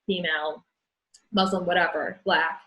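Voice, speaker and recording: A woman's voice: fairly low pitch, steady tone, unhurried, a bit bright, low-quality recording. A young woman speaking as an interview guest, frank and earnest, often restarting her sentences. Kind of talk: candid conversation.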